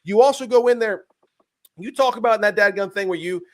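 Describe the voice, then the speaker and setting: A young man with a drawl rants through a sports podcast, fired up and mocking as he builds his case. His voice sits high for a man and keeps climbing as he gets going. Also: a little fast, slight background noise. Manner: fired-up, ranting, mocking impressions. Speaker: podcast co-host. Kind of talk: heated sports podcast rant.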